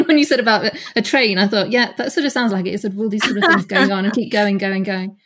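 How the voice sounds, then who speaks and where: A woman's voice: medium pitch, fast, fairly bright tone. A woman hosting a podcast, chatting casually and hesitantly, with many ums and restarts. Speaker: podcast host. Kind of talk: casual interview chat.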